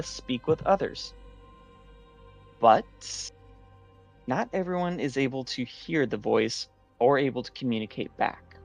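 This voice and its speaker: A man's voice: medium pitch, vocal fry. A man casually recapping the last session of a tabletop game, rambling with many fillers and restarts.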